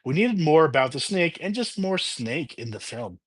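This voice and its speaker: A married man reviewing a movie in a casual, chatty way, retelling the plot with laughs and quick asides. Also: a little high, husky. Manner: chatty, animated retelling with laughs and quoted voices.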